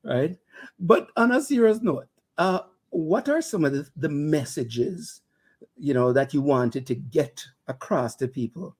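An older man with a Jamaican accent hosts a casual interview. He jokes easily and stammers through restarts. His questions come out in a relaxed, conversational way. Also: a little high, a little slow, slightly rough. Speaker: interview host.

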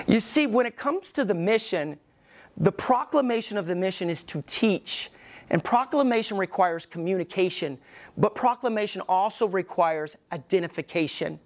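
A middle-aged man preaching a sermon as pastor in a church, emphatic, with pauses, and acting out the voices he quotes. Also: high voice, animated. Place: church sanctuary.

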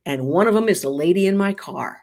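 A woman's voice: fairly low pitch, animated, a little fast, a little mellow. A woman guest from Ohio telling a dramatic story in an interview, acting out the quoted dialogue with energy. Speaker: guest, pro-life activist.

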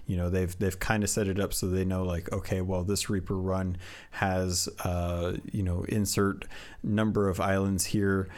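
Low-voiced man hosting a podcast. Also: level tone, darkish tone. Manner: halting, many restarts, asks questions. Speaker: podcast host. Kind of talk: casual gaming podcast chat.

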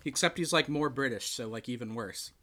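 A man hosting a podcast, chatting casually and retelling a film with lively acted-out quotes. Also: medium pitch, brisk. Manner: animated storytelling, acts out quotes. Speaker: podcast host. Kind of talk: casual chat.

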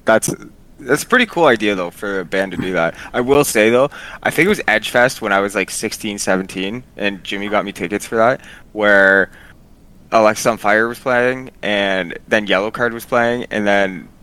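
A man's voice: lowish voice, normal speed, sharp tone, low-quality recording. A man co-hosting a podcast in casual, rambling chat, swearing now and then. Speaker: podcast co-host.

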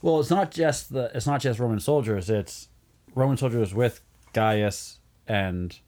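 A man's voice: medium pitch, unhurried, darkish tone. A man co-hosting a podcast in a casual chat, cutting in with dry remarks and questioning challenges. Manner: dry interjections, pushes back with questions. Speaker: podcast co-host. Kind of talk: casual episode discussion.

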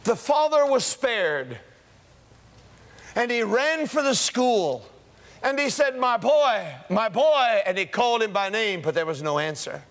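A high-pitched male preacher delivers an emphatic sermon, driving his points home with repeated phrases that climb and fall. His voice carries a long, lingering reverb from a large hall. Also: sing-song, unhurried, fairly bright tone. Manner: emphatic, repeats key phrases in rising cadences.

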